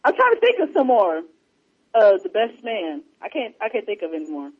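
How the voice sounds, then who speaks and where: A man's voice: high voice, wildly swooping pitch, a little fast, breathy edge, dull audio. A man in casual chat as a podcast co-host, talking animatedly and quoting movie lines in put-on voices.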